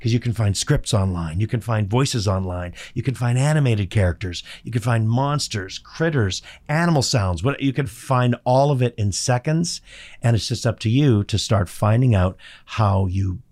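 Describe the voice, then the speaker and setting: A middle-aged man with a raspy, textured voice, chatting as a voice actor guest on an interview show and telling stories with sarcastic asides. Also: mid-range voice, moderate pace. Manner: animated storyteller, sarcastic asides. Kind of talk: casual interview chat.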